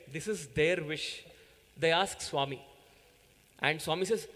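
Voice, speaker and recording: Man, devotional talk to children, earnest storyteller, high voice, long hall reverb. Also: unhurried, pauses often, fairly bright tone. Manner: earnest storytelling, frequent "right?" and "yeah?". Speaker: youth coordinator giving a talk.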